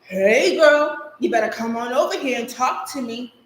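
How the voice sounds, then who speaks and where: A woman's voice: sits high, normal speed, slight background noise, natural voice. A woman voicing a brash, teasing young boy from the neighborhood in a live stage monologue. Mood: cocky. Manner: brash, teasing street talk. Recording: echoey live stage recording.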